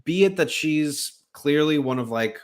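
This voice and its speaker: A man hosting a casual wrestling podcast, relaxed and hesitant, with many fillers. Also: fairly high pitch, measured pace. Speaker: podcast host.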